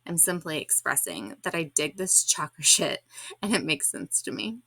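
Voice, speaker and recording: A woman's voice: low-pitched, very animated, moderate pace, bright, forceful tone, no room sound. A woman podcast host reading her own blog post aloud in a candid, reflective and slightly awkward way.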